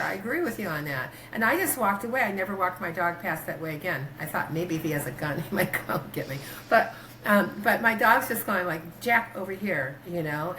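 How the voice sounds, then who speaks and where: A woman doctor talking in a casual interview, rambling through stories with many fillers and restarts, her pitch jumping when she quotes herself. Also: slight background noise, low-quality recording. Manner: animated, pitch jumps when quoting herself. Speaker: guest, doctor.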